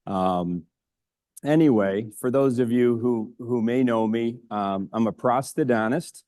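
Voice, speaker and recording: A man in his fifties from upstate New York, a prosthodontist giving a conference lecture, unhurried and full of ums and restarts. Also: medium pitch, darkish tone, no room sound, studio quality. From Rochester, New York. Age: 50s. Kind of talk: conference talk. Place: lecture room.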